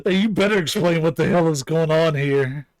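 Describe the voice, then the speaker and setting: A man voicing a hot-headed middle-aged male cop who shouts angrily, pitched higher than his own voice. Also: normal speed, no room sound, close to an everyday voice. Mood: angry. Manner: shouting, angry.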